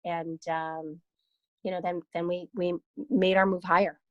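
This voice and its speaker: A woman of around fifty, a guest in an interview, telling a story in a casual, lively way and sometimes swearing. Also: lowish voice, unhurried, no room sound, highs cut off. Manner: lively storyteller, swears, quotes people in voices. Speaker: guest, founder and CEO of a broker-dealer.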